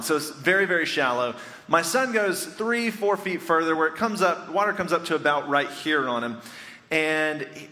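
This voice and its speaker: A pastor in his thirties with a fairly high, bright and forceful voice, telling stories and joking with the congregation in a chatty sermon. His voice rings out with a long reverb, as if filling a large church hall. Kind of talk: conversational storytelling sermon. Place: church sanctuary before a congregation.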